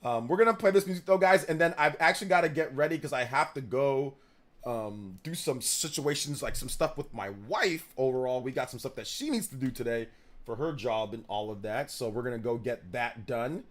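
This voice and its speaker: Speaking briskly in a mid-range voice, a man in his thirties reads chat on his live stream. He keeps it casual and slangy, drifting from point to point and repeating himself.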